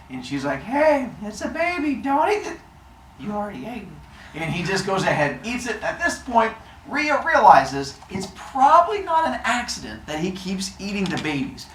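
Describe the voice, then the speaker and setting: A man's voice: fairly high pitch, fairly bright tone. Playful man telling myths in an echoey room. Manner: playful, jokey, quizzes listeners. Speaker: storyteller. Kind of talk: lively storytelling to a live audience. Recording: echoey room, distant mic, faint noise.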